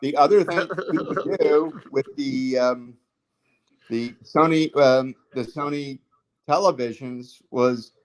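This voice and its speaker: A man's voice: medium pitch, takes it slowly, low-quality recording. A man telling stories in a casual livestream chat, rambling with many fillers and restarts.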